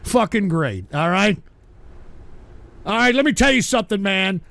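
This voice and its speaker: A man's voice: sits high, expressive, moderate pace, creaky, fairly bright tone. A man hosting a live-stream talk show, cursing angrily and erratically as he reads out viewer donations. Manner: angry, cursing, erratic, breaks into singing. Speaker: livestream talk show host. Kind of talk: profane live-stream rant reading donations.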